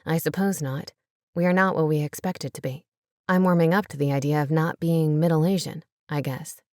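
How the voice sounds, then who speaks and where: A woman's voice: low-pitched, steady tone, normal speed, darkish tone, no room sound, studio quality, pitched below the performer's own voice, lightly acted. A woman voicing a bitter, angry young man in a storybook reading.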